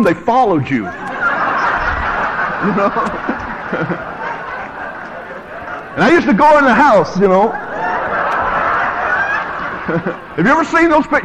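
A middle-aged male preacher from the United States, giving an animated sermon and joking with the congregation. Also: high voice, very noisy.

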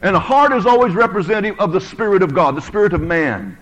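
Male preacher, middle-aged, from the US: high-pitched, swooping delivery, jokes with his congregation through a lively sermon. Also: fast, lo-fi sound. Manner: animated, storytelling, joking with the congregation.

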